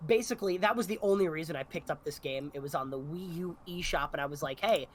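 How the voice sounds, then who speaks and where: A man's voice: on the high side, fast, a little hiss or hum. A man on a podcast panel, giving a rambling explanation in a casual chat.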